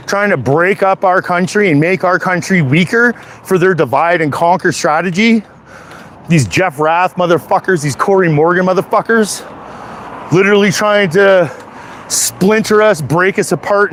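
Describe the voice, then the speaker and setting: A man's voice: high voice, fairly bright tone, slight background noise. Heated, cursing Canadian man. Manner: profane, heated, repetitive. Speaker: vlogger. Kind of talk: angry political rant.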